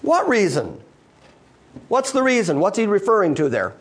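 A man's voice: sits high, huge pitch swings, normal speed, breathy edge. A man preaching a sermon to a live congregation, emphatic and full of rhetorical questions put to the listeners. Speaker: pastor.

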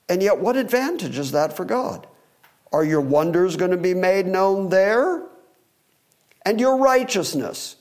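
A man's voice: on the high side, darkish tone. A man teaching verse by verse through a psalm, earnest and expository, pressing points with emphatic rising questions. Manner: wry aside about holding the microphone. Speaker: Bible teacher. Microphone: microphone.

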